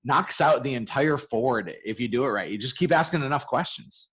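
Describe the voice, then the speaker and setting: A man's voice: mid-range voice, lively intonation, fairly bright tone, slightly rough. Man coaching with dull lo-fi audio. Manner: quick, repeats words when starting. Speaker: real estate coach co-hosting a webinar. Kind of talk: casual webinar chat.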